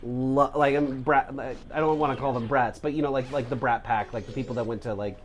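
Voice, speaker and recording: A man's voice: mid-range voice, fairly even intonation, brisk, a little hiss or hum. A young man co-hosting a let's play, rambling casually and swearing, packing his sentences with "like". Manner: rambling, profane, heavy use of "like". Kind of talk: casual gameplay chat.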